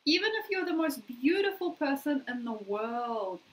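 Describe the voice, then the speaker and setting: A woman's voice: high-pitched, very animated, moderate pace, low-quality recording. An Australian woman giving a casual, chatty astrology forecast, playfully acting out little quoted requests.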